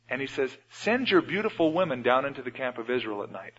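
A man preaching a sermon in a church, retelling Bible stories and often changing his loudness. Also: mid-range voice, big pitch swings, fast, hardly any pauses, slightly rough. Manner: storytelling, acts out Bible scenes with shifts in loudness. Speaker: pastor. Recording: dull radio broadcast with long hall reverb.

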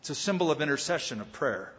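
A man pastor preaching a conversational Bible teaching, with dramatic pauses and voiced quotes. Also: on the high side, expressive, a bit bright. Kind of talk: sermon. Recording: dull lo-fi sound with long hall reverb.

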